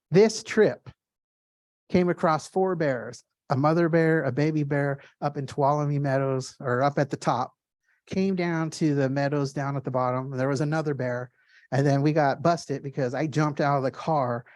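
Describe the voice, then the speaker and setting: A man giving a casual gallery art talk, telling stories in excited, quick bursts with lots of fillers and restarts. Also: fairly high pitch, dry recording, clean studio sound. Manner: animated storyteller with many fillers and restarts.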